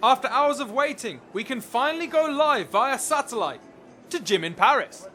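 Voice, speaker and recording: A squeaky news anchor played by a man talks eagerly and loudly. His voice sits very high. A guitar music bed plays loudly behind him. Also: expressive, moderate pace, exaggerated voice. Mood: excited.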